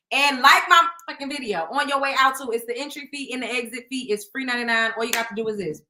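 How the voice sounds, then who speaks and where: Bright-voiced laughing woman stream host. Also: a little high, quick pace, hardly any pauses. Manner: laughing often, profane and playful. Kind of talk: casual live stream chat reading comments.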